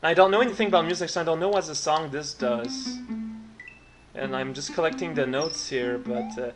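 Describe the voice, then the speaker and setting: Man, fairly high voice, dry sarcastic game commentary over clear background game music. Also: fairly even intonation, normal speed. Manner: wry, sarcastic asides. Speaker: let's play host. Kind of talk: let's play commentary.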